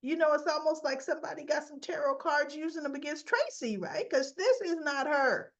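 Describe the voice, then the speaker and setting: A woman recaps a soap opera episode in a chatty, animated way. Her fairly high voice rises and falls a lot, and the recording sounds a bit dull and lo-fi. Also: brisk. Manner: animated retelling with acted quotes. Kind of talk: casual recap vlog.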